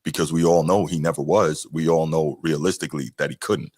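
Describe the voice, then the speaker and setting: Very deep-voiced man, chatty. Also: brisk, breathy edge, no echo, studio quality. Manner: relaxed, chatty, with fillers and asides. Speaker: podcast host reacting to clips. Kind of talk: casual commentary.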